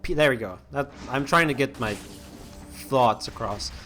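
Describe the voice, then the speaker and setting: A man's voice: medium pitch, animated, normal speed, bright, forceful tone. A young man hosting a let's-play, chatting casually as he plays, rambling with lots of restarts and fillers. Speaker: gaming channel host.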